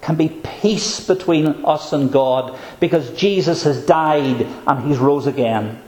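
A man delivers a sermon in a slightly higher voice, earnest and emphatic, slowing down to stress key phrases. The sound is echoey, as if from a church room. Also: a little mellow. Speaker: preacher.

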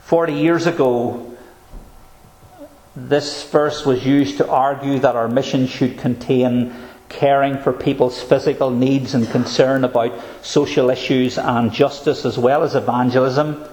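A man preaching a sermon, earnest and emphatic, slowing down to stress key phrases. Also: medium pitch, steady tone, darkish tone, reverberant, poor audio.

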